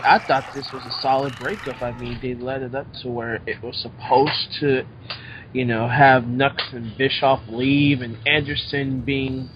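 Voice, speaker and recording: A man's voice: on the high side, a bit bright. A man co-hosting a casual wrestling review chat, speaking bluntly and cursing freely. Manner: blunt and profane. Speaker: co-host. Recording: dull lo-fi audio with faint noise.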